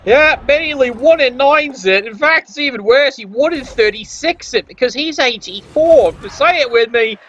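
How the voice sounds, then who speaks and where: A man's voice: very high-pitched, lively intonation, normal speed, hardly any pauses, a bit bright, slight background noise. A man doing wry, sarcastic play-by-play commentary on a tabletop sports video game. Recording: dull lo-fi audio.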